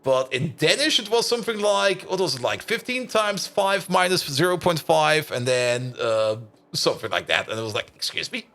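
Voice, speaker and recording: While streaming a building game, a man keeps up rambling, casual commentary full of "like" and "uh," thinking aloud and responding to chat. His voice is a little high and a bit bright, very animated, moving at a moderate pace with few pauses.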